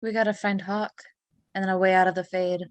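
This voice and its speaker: A woman's voice: medium pitch, little pitch movement, a little fast, no echo. Woman, tabletop player, casual, swearing, dry close sound. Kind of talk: tabletop game chat.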